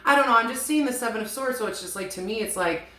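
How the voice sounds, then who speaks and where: A woman's voice: on the high side, quick pace, bright, forceful tone. A woman giving a casual, rambling tarot reading, frank and chatty, swearing now and then. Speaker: tarot reader. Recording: echoey room with faint hiss.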